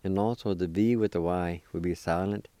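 A man with a deep, mellow voice teaches a slow recorded language lesson, patiently spelling and pronouncing words syllable by syllable while encouraging the listener. His tone is steady and his pace moderate, with no room sound.

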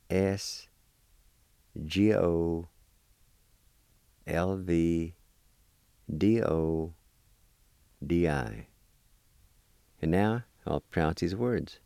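A man teaching vocabulary, patiently spelling each word letter by letter and repeating it slowly. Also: low voice, creaky, dark tone, clear, resonant tone, dry recording. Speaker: language teacher. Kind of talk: slow spelling and pronunciation lesson.

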